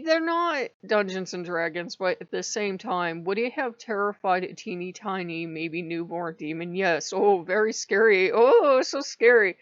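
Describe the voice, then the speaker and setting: Her lowish voice has vocal fry, and there's no room sound in the dull, dry, lo-fi recording. She's a spiritual vlogger rambling through a story casually, voicing past conversations as quotes.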